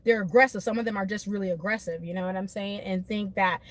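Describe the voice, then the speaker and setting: A woman beauty vlogger ranting animatedly to her live viewers from her car, emphatic and quick to laugh. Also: mid-range voice, dry recording. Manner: animated, emphatic, laughs often, talks to chat by name. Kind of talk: casual venting rant to live viewers.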